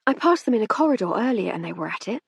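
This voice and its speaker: A woman's voice: mid-range voice, big pitch swings, very fast, vocal fry, breathy edge, no echo, pitched above the performer's own voice, heavily acted. A woman voicing a witty aristocratic lady in an audiobook, wry and arch. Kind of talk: audiobook character reading.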